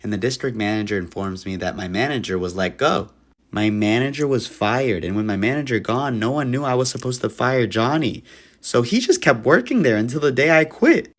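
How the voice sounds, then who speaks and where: A young man telling a funny personal story in a dry delivery that keeps jumping into lively acted voices. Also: mid-range voice, a little fast.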